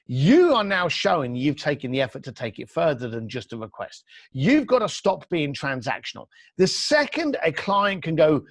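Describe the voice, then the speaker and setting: Casting man guest, animated, blunt storyteller, raised pitch, swinging intonation, dry close sound. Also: a little fast, creaky, no room sound. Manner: blunt, energetic, acts out quoted dialogue. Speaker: entrepreneur guest.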